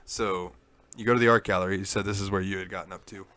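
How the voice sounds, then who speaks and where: Brief: male podcast co-host, somewhat low voice, loose rambling storyteller who cusses. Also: fairly even intonation, quick pace, sharp tone. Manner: rambling storyteller, swears freely. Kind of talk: casual chat.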